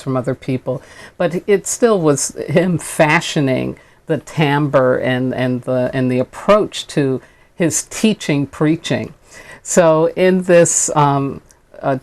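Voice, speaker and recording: Low-voiced woman hosting spiritual talk. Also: a little mellow. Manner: earnest, reverent, emphatic when reading aloud. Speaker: host and spiritual teacher. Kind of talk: spiritual radio talk with reading aloud and prayer.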